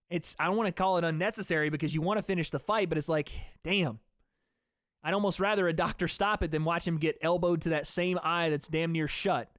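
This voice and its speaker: A man's voice: on the high side, smooth, no room sound, studio quality. A young man hosting a fight watch party stream, giving casual live commentary in a loose, slangy way and talking back to his chat.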